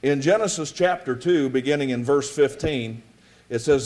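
A man preaching a sermon to a congregation in a folksy, relaxed storytelling way. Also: mid-range voice, normal speed. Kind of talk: sermon with a joke.

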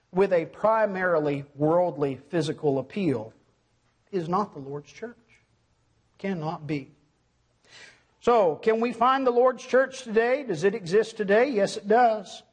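A middle-aged male preacher delivering a sermon with a high, husky voice. He is emphatic and keeps throwing questions at the congregation, then answers them himself.

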